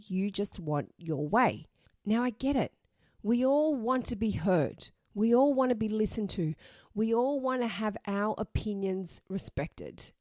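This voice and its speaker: A woman's voice: medium pitch, darkish tone, no room sound, clean studio sound. A woman hosting a podcast, giving blunt, emphatic advice and repeating her points for emphasis. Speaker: podcast host.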